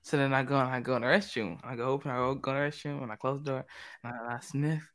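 A man's voice: mid-range voice, fairly even intonation, fast, fairly bright tone. A young man, telling a story in casual chat with friends, acting out the quotes with lots of "I'm like.".

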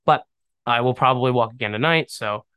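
A man's voice: mid-range voice, fairly quick, bright, forceful tone, smooth, dry recording. Blunt rambling male podcast host. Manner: rambling, blunt, scoffing, with many fillers. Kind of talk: casual solo podcast talk.

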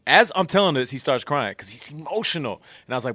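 Man spinning a lively story. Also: medium pitch, quick pace, husky, no echo, clean studio sound. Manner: animated storyteller acting out quotes. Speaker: co-host, former NFL player. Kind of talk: casual podcast storytelling.

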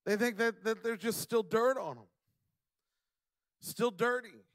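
A young man preaching a sermon, slowing down to stress key words and building to loud, emphatic passages. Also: very high voice, no echo, clean studio sound. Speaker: pastor; father.

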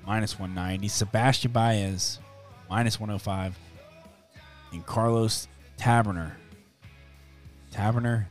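A man hosting a sports betting podcast, chatting casually and briskly reeling off odds and numbers. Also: on the low side.

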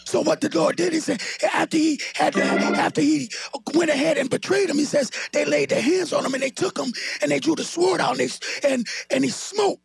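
A man's voice: very high-pitched, normal speed, creaky, dry recording. A man preaching a sermon, calling on the congregation to answer him and building into a sung, whooping delivery. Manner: calls on the congregation to respond, rising into a sung whoop.

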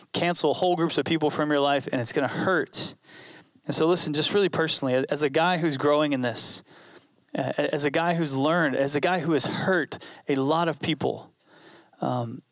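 A man's voice: a little high, fairly bright tone, no echo. Earnest man preaching in a dry room. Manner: earnest, conversational preaching with repeated phrases. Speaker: pastor. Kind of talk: sermon.

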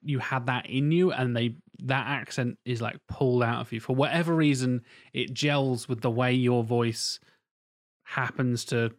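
A man's voice: mid-range voice, fairly even intonation, unhurried. A man chatting casually on a podcast, rambling and swearing while acting out quotes.

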